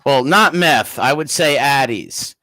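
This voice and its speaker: A man's voice: medium pitch, lively intonation, slow, pushed and bright, no echo. A man hosting a casual livestream, rambling and greeting chat viewers by name. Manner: rambling, reads chat names aloud. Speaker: livestream host.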